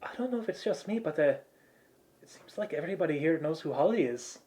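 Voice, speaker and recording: A man's voice: a little high, animated, quick pace, warm tone, close to an everyday voice. A man voicing a friendly woman who speaks in a reassuring way.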